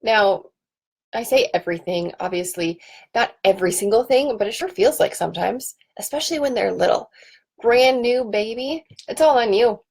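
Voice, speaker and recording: A woman's voice: on the high side, animated, normal speed, darkish tone, husky. A woman in her thirties hosting a casual home live stream, chatting in a rambling way with ums and restarts, into a computer webcam. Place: home office.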